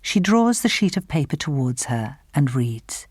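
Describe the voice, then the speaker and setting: A woman narrating a literary novel in an audiobook, with measured, even storytelling. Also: low voice, slightly rough, no echo, clean studio sound.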